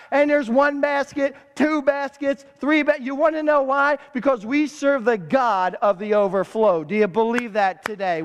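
A man preaching a sermon as pastor, calling for responses from the congregation and repeating words for emphasis. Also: extremely high pitch. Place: church sanctuary. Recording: church hall reverb.

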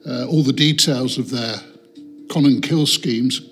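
A man's voice: mid-range voice, a little slow, faint music behind. A man commenting in a documentary interview, thoughtful with many hesitations.

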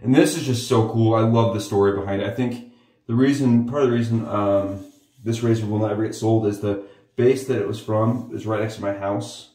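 Shaving his head on camera, a man talks casually and enthusiastically to viewers, often using "guys." He's brisk, with a fairly low pitch, fairly even intonation, and a warm tone, captured by a far-off mic with roomy echo.

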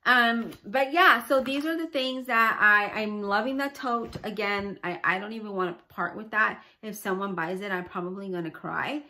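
A woman's voice: mid-range voice, normal speed, few pauses, sharp tone. A middle-aged woman chatting casually about her handmade crafts, rambling and enthusiastic with lots of fillers. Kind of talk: casual chat.

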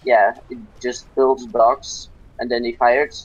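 Dutch guy, kinda british sounding, husky voice, chill game commentary over headset. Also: medium pitch, measured pace, no echo, lo-fi sound. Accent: slightly British-sounding. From Netherlands. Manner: relaxed, explaining tactics. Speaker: host playing and commenting.

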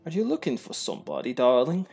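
A man's voice: mid-range voice, wildly swooping pitch, quick pace, vocal fry, darkish tone, breathy edge, soft background music, exaggerated voice. A man voicing a prim, doting woman at a 1920s masked ball who calls everyone darling. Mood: fussing. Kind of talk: high posh put-on voice.

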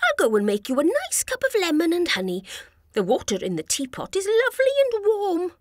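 A woman's voice: very high-pitched, huge pitch swings, a little fast, no room sound, clean studio sound, voice pushed up, full character voice. Woman doing an eager young storybook boy. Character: excited cheerful young male storybook character.

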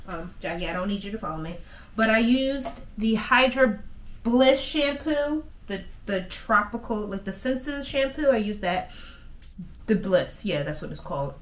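Inside a converted bus, a woman vlogs casually while grooming her dog, chatting to both her viewers and her pet. Her mid-range voice is fairly bright, with slight background noise.

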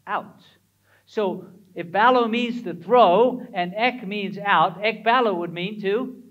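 A middle-aged male pastor preaches a sermon in a church, his voice sitting high for a man. He drives his points home with emphasis and keeps turning to the congregation with questions. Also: muffled recording.

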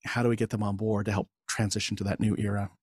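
A man's voice: on the low side, fast, husky, no room sound, clean studio sound. A man in his forties, a podcast guest, telling a story in casual interview talk and acting out quoted dialogue with frequent laughs. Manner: animated, acts out quoted dialogue, laughs often.

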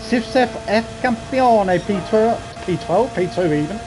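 A man's voice: high voice, a little slow, music in the background, poor audio. A man streaming a racing game live, chatting to viewers and crying out when he crashes. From England. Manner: excitable, chatty, cries out at crashes. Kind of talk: live gameplay commentary. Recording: game engine noise behind voice.

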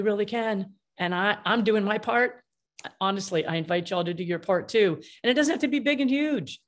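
A middle-aged woman, a mediator answering interview questions in an energetic, emphatic way and acting out the dialogue she quotes. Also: mid-range voice. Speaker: mediator and author.

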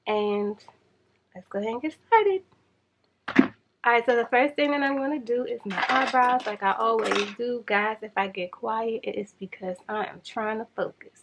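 A woman chatting to viewers in a casual makeup challenge vlog, flustered and rushing against a timer. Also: a little high, noisy background. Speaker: beauty vlogger.

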